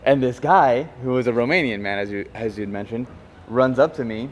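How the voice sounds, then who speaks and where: Man retelling a story, animated and halting. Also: mid-range voice, a little hiss or hum. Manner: animated, stumbling retelling with fillers. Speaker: guest, photographer. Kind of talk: casual storytelling.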